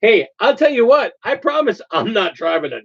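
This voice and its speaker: A man's voice: high-pitched, sing-song, moderate pace, gravelly, slightly rough, no echo, dull audio. A man hosting a casual home stream, chatting with friends, laughing often and restarting his sentences. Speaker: stream host. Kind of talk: casual chat.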